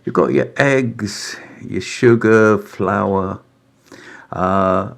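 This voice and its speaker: A middle-aged man giving a relaxed cooking demonstration in his home kitchen, unhurried and chatty, often saying uh and right. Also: lowish voice, creaky. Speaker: home cook presenting a recipe.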